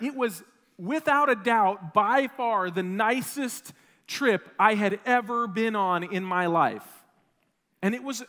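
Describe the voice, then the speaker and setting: A man in his thirties from Wisconsin, preaching a sermon as a pastor, telling a personal story in an animated, self-deprecating way with frequent restarts. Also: sits high. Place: church sanctuary. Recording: long reverb of a church hall.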